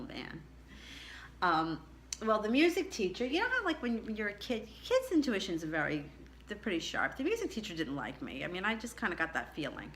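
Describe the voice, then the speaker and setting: A woman's voice: huge pitch swings, a little fast, a bit bright, a little hiss or hum. A woman telling a personal childhood story in a chatty, reflective way, her voice jumping up on the words she stresses. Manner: chatty and reflective, pitch rising sharply on emphasis. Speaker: tarot channel host.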